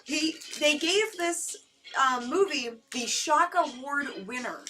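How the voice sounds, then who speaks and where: A woman's voice: high-pitched, slow pace, bright, forceful tone, rough recording. A middle-aged woman with an Ohio accent co-hosting a live horror movie show, chatty and giggly as she reads out old film trivia. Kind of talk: casual live-stream chat.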